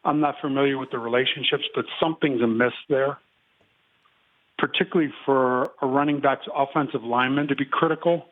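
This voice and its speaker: A man in his fifties, a guest giving measured football analysis and clearing his throat often. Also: medium pitch. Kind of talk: casual phone interview. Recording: tinny phone line.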